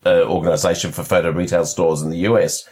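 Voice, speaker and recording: Low-voiced man telling a rambling story. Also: little pitch movement, fast, a little mellow. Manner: rambling, repeats words as he restarts, laughs often. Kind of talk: casual storytelling chat.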